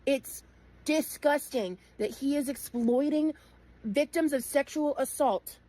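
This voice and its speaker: A woman with a fairly high voice delivers angry, blunt commentary. She swears freely and fills her sentences with "like" and "you know", pressing each point hard. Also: slow, dark tone, poor audio. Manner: blunt and profane, frequent fillers. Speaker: streamer in a clipped commentary segment. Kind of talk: heated commentary.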